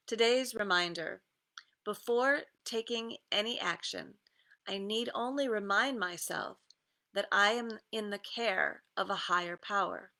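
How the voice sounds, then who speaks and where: A woman coach giving a casual guided meditation talk, easygoing, with many pauses and fillers and some reading aloud. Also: mid-range voice, bright, forceful tone. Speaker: creative success coach.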